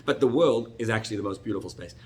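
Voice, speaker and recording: A middle-aged man, a rabbi, teaching a Torah class with animated, expressive storytelling and sudden jumps in pitch. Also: rapid-fire, slight background noise.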